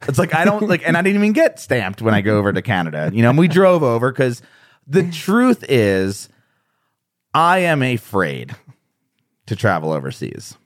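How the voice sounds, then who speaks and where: A man's voice: mid-range voice, wildly swooping pitch, moderate pace, no echo, clean studio sound. A man speaking as a guest on a podcast, rambling and self-deprecating, often laughing. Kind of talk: conversational interview.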